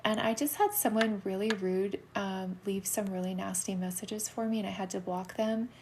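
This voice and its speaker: Doing soulmate readings live, this middle-aged woman talks at a moderate pace in a mid-range voice, with background noise audible. Her manner is relaxed and gentle, and she frequently lowers her voice to a whisper.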